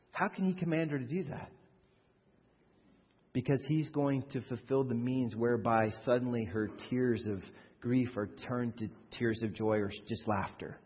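A man delivering a sermon with a husky edge, talking plainly to his congregation and pressing rhetorical questions as his fervor builds. His voice carries a long reverb from the church hall around him, and the recording sounds dull and lo-fi. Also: mid-range voice, moderate pace. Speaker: pastor.

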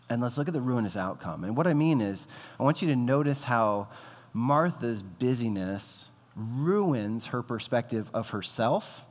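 A male pastor preaching a sermon in a casual, conversational way, with lots of fillers and quoted voices he acts out. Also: mid-range voice. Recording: long hall reverb.

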